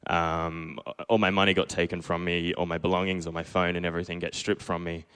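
A man's voice: sits low, flat delivery, brisk, fairly bright tone, smooth, big-room sound. A young man in his twenties from Perth with an Australian accent, telling a self-deprecating true story live on stage and acting out his own past lines. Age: 20s. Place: small pub stage.

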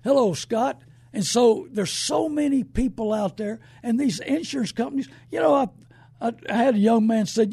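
Guy on talk radio, high gravelly voice, rambling and folksy, gets loud. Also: moderate pace, no room sound. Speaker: radio show host.

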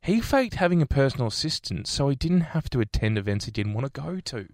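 A man's voice: medium pitch, big pitch swings, fast talker, darkish tone, dry recording, clean studio sound. A man co-hosting a morning radio show, joking and teasing in casual banter with frequent laughs. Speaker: radio host. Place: radio studio. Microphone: studio microphone.

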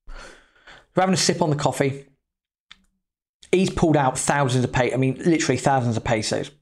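Man, podcast host, casual storytelling, chatty, mid pitch. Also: lively intonation, normal speed. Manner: chatty, loose, with mild swearing.

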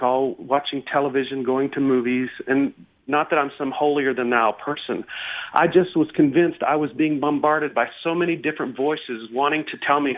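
A man speaks as an interview guest, sharing his testimony in an earnest, preacherly way. His voice sits at an ordinary pitch. It comes through a narrow, tinny telephone line.

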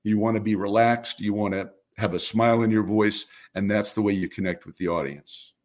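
An older man, a baseball radio announcer, calmly explaining his craft in an interview with a lot of "you know". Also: fairly low pitch, brisk. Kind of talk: relaxed interview answers.

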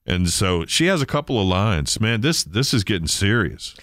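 A man's voice: lowish voice, big pitch swings, normal speed, fairly bright tone, no echo, studio quality. A middle-aged man hosting a radio show, chatting casually and telling stories. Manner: chatty, storytelling.

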